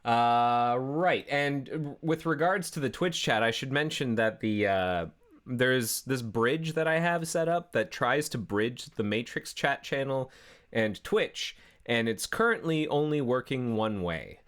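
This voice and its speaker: A man's voice: mid-range voice, animated, a little slow, a bit bright. A Canadian man hosting a live coding stream in easy, rambling casual chat, often restarting his sentences. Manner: rambling, self-correcting, easygoing. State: chewing a carrot. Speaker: livestream coding host.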